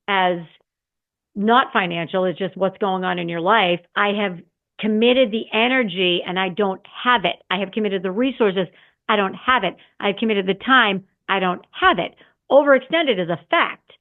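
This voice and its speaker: A middle-aged woman hosting a podcast in casual solo talk, animated and repetitive, sometimes acting out her own flustered voice. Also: mid-range voice, narrow, tinny audio. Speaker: podcast host.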